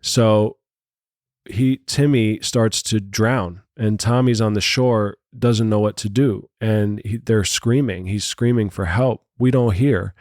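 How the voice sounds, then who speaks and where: A man voicing a sleepy rural male farmer who tells a long tale in a hushed, folksy drawl, with little patience left for his visitor. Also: on the low side, fairly even intonation, slow pace, no echo, clean studio sound. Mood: storytelling. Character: sleepy, patient older male farmer, growing short-tempered.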